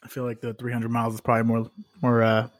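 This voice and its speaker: A man's voice: mid-range voice, completely flat delivery, fast talker, no room sound, studio quality. A man co-hosting a sports podcast in casual chat, loose and profane, laughing as he retells stories. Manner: loose, swears often, laughs a lot, retells stories in put-on voices. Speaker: podcast co-host.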